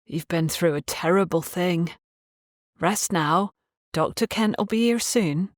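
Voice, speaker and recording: A woman's voice: on the low side, slow pace, no echo, studio quality. A woman voicing a kindly older Cornish fisherman's mother with a Cornish accent, who speaks in a cooing, motherly way. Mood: soothing. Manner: cooing, motherly dialect speech.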